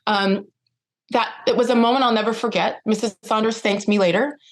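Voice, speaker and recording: A middle-aged woman speaking as a podcast guest, telling a personal story with lively, acted-out dialogue. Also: fairly high pitch, fairly quick. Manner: animated, acts out quoted dialogue.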